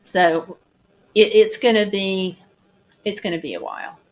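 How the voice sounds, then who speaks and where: Casual female vlogger, halting and chatty, plain mid voice. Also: mid-range voice, huge pitch swings. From United States. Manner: chatty, halting, many restarts and fillers. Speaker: vlogger showing flood damage. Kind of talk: casual chat over photos.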